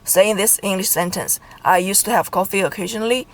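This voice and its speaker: A woman from Beijing giving a Mandarin lesson, slowly and deliberately spelling out her examples. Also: medium pitch, low-quality recording. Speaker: Mandarin teacher. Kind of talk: explanatory language lesson.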